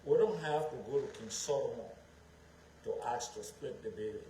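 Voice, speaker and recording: A man's voice: medium pitch, lively intonation, normal speed, mellow, slight background noise. A man from Liberia, giving an emphatic public speech as a political speaker and repeating his phrases for effect. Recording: echoey room with faint background ambience.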